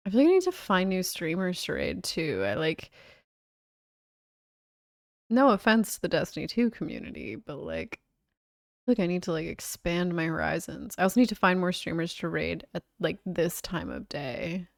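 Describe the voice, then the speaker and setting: A woman's voice: fairly low pitch, sing-song, moderate pace, creaky, no room sound, studio quality. A young woman streamer chatting casually and relaxedly, with lots of "like" fillers. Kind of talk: casual livestream chat.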